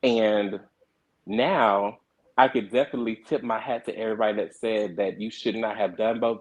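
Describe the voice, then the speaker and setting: A man's voice: on the low side, fairly even intonation, moderate pace, dull audio. A young adult man, a reality show cast member and producer, earnestly explaining himself in a candid panel discussion, often repeating words as he restarts.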